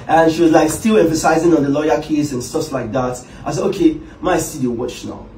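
A man's voice: a little high, fast, few pauses, darkish tone. Hesitant man with a Nigerian Pidgin accent. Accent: Nigerian Pidgin English. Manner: hesitant, defensive, many restarts. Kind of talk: casual group chat. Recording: echoey room, distant mic, faint noise.

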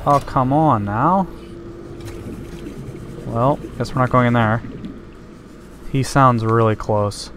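A man's voice: mid-range voice, takes it slowly, long pauses, background noise. A man giving let's-play commentary while playing a game, nervous and easily startled, breaking into screams when scared. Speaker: gameplay commentator.

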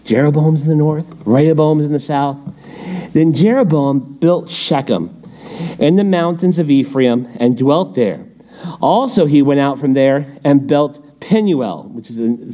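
A middle-aged man teaching a midweek Bible study as pastor, in a conversational, storytelling way. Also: a little high. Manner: conversational, animated storytelling with laughs.

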